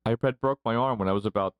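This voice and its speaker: A man's voice: mid-range voice, brisk, clear, resonant tone, no room sound. A man in his forties, a podcast guest telling rambling stories and laughing often as he talks. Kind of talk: casual storytelling interview.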